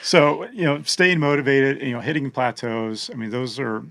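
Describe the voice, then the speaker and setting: Male podcast host, gravelly, dry close mic, chatty storyteller. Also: mid-range voice, steady tone, moderate pace, a bit bright, no echo. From Oregon. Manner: chatty, laughs easily, storytelling. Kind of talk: casual podcast conversation.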